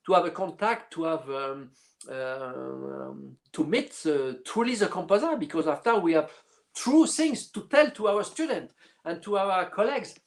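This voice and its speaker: A middle-aged man, a clarinetist guest speaking in a casual interview and often pausing to search for words. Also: a little high, lively intonation, creaky. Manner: halting, searching for words with many fillers.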